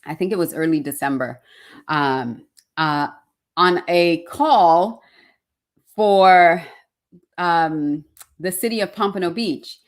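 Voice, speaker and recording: A woman's voice: fairly low pitch, slow, long pauses. A woman hosting an online interview show, effusive and fumbling over her words, with many fillers. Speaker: show host.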